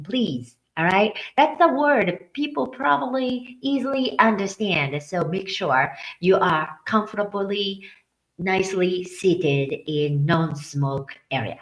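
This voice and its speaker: Woman teacher, lively pitch, slow and patient, repeats phrases, echoey room. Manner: explains slowly, repeats phrases for practice. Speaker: language and culture teacher. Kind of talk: casual instructional video.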